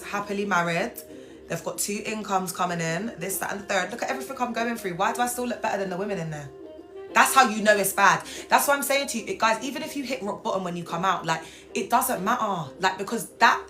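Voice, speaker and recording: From a hospital bed, a woman hosts a casual live stream, chatting with viewers and reading out their comments. She's animated and quick to burst into high, excited exclamations.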